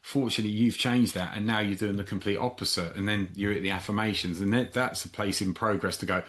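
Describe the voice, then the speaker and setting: A man's voice: fairly low pitch, a bit bright. A man hosting a podcast interview who works as a therapist, talking bluntly and directly. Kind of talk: conversational interview.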